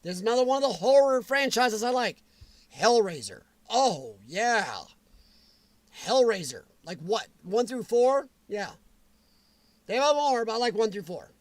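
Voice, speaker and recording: A man hosting a casual livestream, answering viewers' comments in a chatty, animated way with frequent chuckles. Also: very high-pitched, normal speed, no room sound. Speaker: livestream host.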